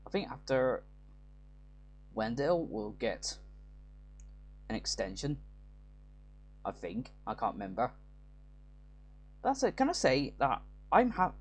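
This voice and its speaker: Rambling man commenting on gameplay. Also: medium pitch. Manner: rambling, self-correcting. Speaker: let's play host.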